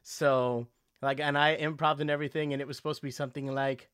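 High-voiced man telling animated stories. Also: fast talker, clear, resonant tone, no room sound, studio quality. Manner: animated storytelling, slips into character voices. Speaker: voice actor, interview guest. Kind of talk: casual interview chat.

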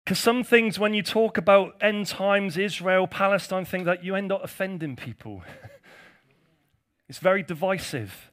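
Man, pastor, high voice, chatty sermon, teasing the congregation. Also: measured pace, a bit bright. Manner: conversational, jokey asides to the congregation.

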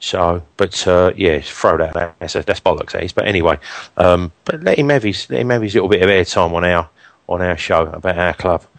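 A man on a football fan podcast, speaking haltingly with many restarts and fillers. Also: low voice, gravelly, no room sound. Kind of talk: casual football fan chat.

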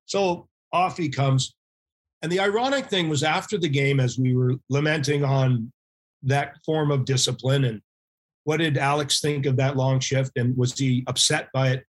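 A middle-aged man, a former hockey goalie, telling animated anecdotes as a podcast guest and acting out quoted voices. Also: medium pitch, moderate pace. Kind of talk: casual storytelling interview.

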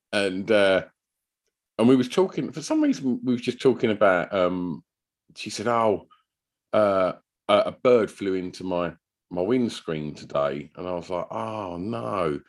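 A man, co-hosting a podcast, chatting casually and telling rambling stories with some swearing. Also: low voice. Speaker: podcast co-host. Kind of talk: casual chat.

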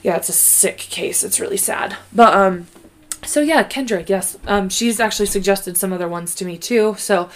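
Casual woman co-host, rambling, filler-heavy, mid-pitched. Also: normal speed. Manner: rambling, many fillers and restarts. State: pregnant. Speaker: podcast co-host. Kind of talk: casual chat.

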